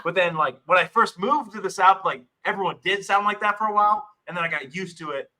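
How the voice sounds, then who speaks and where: A man from Michigan co-hosting a sports podcast, laid-back and joking with plenty of swearing. His voice sits a bit high for a man. It has a sharp, bright edge. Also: quick pace, rough recording. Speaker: podcast co-host. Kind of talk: casual sports chat.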